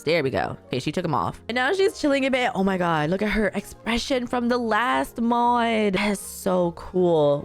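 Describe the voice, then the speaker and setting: Young woman gaming host, casual chatty commentary, lively expressive delivery, light background music. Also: medium pitch. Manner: chatty and animated, reacting out loud to gameplay.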